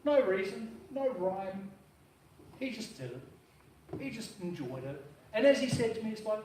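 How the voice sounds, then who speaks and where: A man with a high voice delivers a casual, blunt eulogy, full of slang and the odd swear word. He sounds distant from the mic in a very echoey room. A faint hum of the room sits behind him. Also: animated, a little slow, pauses often, darkish tone. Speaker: brother-in-law giving a eulogy. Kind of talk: informal eulogy at a memorial service. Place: memorial service venue.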